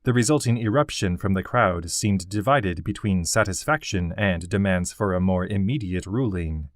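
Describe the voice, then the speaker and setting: Guy reading a fantasy audiobook, lowish voice, steady, dry close mic. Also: moderate pace, no room sound. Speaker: audiobook narrator. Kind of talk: scripted fantasy narration.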